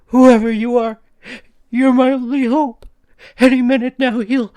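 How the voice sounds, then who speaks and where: A man voicing a terrified woman frantically pleading for help over the phone, shrill and desperate. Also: flat delivery, a little slow, a little mellow. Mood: frantic pleading.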